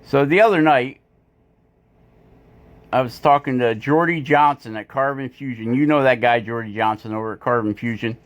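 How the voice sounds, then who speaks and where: In his home woodworking shop, a man hosting a woodcarving channel provides a casual voiceover while he carves. He speaks at normal speed in a medium pitch, rambling and poking fun at himself with plenty of fillers.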